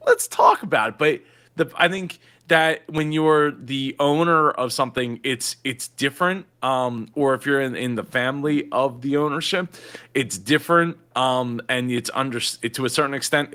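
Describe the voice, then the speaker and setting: A man's voice: on the high side, sharp tone. A man talking earnestly in a casual interview chat, acting out quotes in a raised voice.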